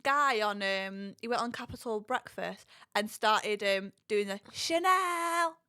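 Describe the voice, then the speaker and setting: A woman's voice: medium pitch, fairly even intonation, sharp tone, clear, resonant tone. A young woman on a podcast as a guest, telling gossipy stories in casual chat. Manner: fast, gossipy storytelling.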